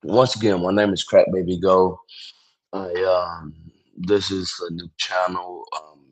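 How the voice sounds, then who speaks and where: Low-pitched and a bit slow, with a flat delivery, a young livestreamer drifts through casual phone-stream chat, sleepy and yawning. He rambles, says sorry and swears freely; the audio is poor, though without room sound.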